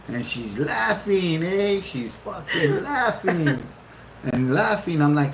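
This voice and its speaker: Profane, animated man telling a story. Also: unhurried, slight background noise. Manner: animated, profane, laughing often, jumps into high-pitched retellings. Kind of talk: casual storytelling. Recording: roomy echo.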